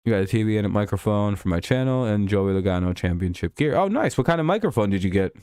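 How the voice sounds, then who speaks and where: A man's voice: fairly low pitch, quick pace, clean tone, no echo, clean studio sound. A man hosting a live stream, calling a football game play by play and chatting casually with viewers, with profane banter. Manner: relaxed play-by-play mixed with profane banter with chat.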